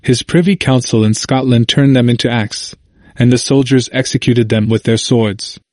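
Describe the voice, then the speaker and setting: A man's voice: medium pitch, moderate pace, a little mellow, no room sound. Man reading history in a dry room. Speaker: narrator. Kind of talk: scripted narration of a history book.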